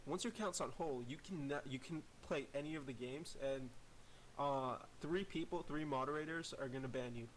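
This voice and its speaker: A man explaining rules in a casual online chat, with halting restarts. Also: fairly high pitch, poor audio. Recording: faint hiss.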